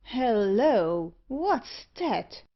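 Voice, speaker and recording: A woman's voice: on the high side, big pitch swings, very slow, highs cut off, exaggerated voice. A woman reading the part of a nervous, superstitious male dog fancier. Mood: uneasy.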